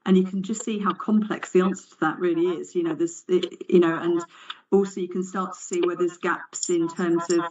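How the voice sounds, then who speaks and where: A woman speaking at a committee meeting, reflective and even-toned, with many fillers. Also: on the low side, brisk, dull audio, a little hiss or hum. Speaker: committee member. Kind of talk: meeting discussion.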